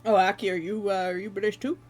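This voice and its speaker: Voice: medium pitch, little pitch movement, fast, a little mellow. Joking streamer, faint music. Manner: rambling, joking, swears casually. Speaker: livestreamer. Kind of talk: casual chat with viewers.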